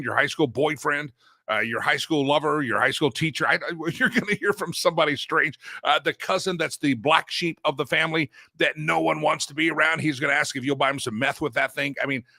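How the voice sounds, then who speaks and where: A man's voice: on the high side, brisk, creaky, pushed and bright, no room sound. A man hosting a casual solo talk show from a studio, rambling and joking with frequent restarts and playful asides. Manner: rambling, self-interrupting, playful. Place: broadcast studio. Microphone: studio microphone.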